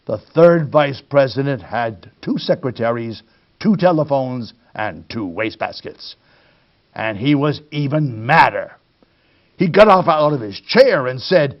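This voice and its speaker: A man's voice: medium pitch, expressive, a little slow, dull audio. A man reading a children's storybook aloud expressively, addressing young listeners. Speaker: storytime reader.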